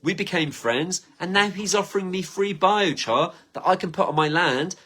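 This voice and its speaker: A man's voice: high-pitched, moderate pace, bright, forceful tone. Rambling, enthusiastic man. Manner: rambling and enthusiastic, acts out imagined quotes. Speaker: channel host. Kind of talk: casual rambling monologue.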